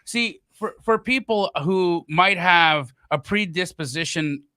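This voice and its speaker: A man's voice: high-pitched, sharp tone, smooth, no room sound, clean studio sound. A man co-hosting a live podcast, talking in a playful manner. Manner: playful, quick to laugh. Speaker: co-host. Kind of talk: casual live podcast chat.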